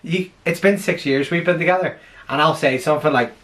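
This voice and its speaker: Un hombre de Irlanda del Norte con acento norirlandés, en una charla casual, bromista y socarrón. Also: male voice, a little high, fairly quick. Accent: Northern Irish. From Northern Ireland. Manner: joking, deadpan storytelling. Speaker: co-host. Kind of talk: casual chat. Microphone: camera mic.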